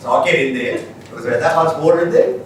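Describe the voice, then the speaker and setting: Fast-talking blunt Australian man. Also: medium pitch. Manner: blunt, colloquial, straight-talking. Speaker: guest speaker, business owner. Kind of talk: live Q&A storytelling. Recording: echoey room, distant mic, noisy.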